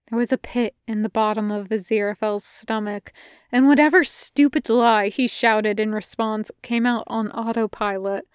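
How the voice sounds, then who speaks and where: A woman narrating a fan fiction audiobook in a measured, intimate way, close to the mic. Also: fairly high pitch, smooth, no room sound. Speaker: podfic reader.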